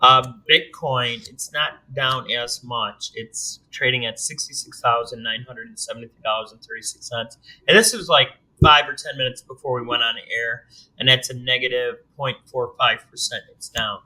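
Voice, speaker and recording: Male podcast host, bright tone, loose and jokey delivery. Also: medium pitch, fairly even intonation, normal speed, low-quality recording. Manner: joking, rambling, teasing his co-host. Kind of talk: casual podcast chat.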